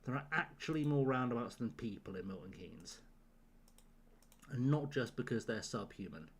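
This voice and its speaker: A young man talks over a live game stream in a voice of middling pitch. He fires off dry, sardonic jokes at his chat, liberally peppered with swearing. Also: lively intonation, normal speed, husky. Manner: sardonic, profane joking to chat.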